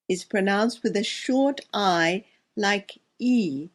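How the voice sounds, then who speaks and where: A woman teaching English pronunciation on a podcast, reading word lists slowly and clearly for listeners to repeat. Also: medium pitch, expressive. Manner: slow, careful, clearly enunciated word lists. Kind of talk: pronunciation drill lesson.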